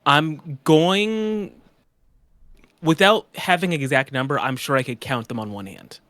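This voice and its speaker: A man's voice: a little high, measured pace, fairly bright tone, dry recording. Dry, teasing man on a podcast. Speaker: podcast co-host. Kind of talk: casual chat.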